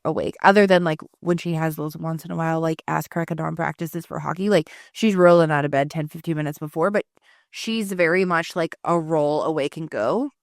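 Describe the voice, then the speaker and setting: A woman's voice: lowish voice, a bit bright, no echo, clean studio sound. A woman co-hosting a podcast, telling rambling everyday stories in casual chat and swearing freely. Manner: swears often, rambling storytelling. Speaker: podcast co-host.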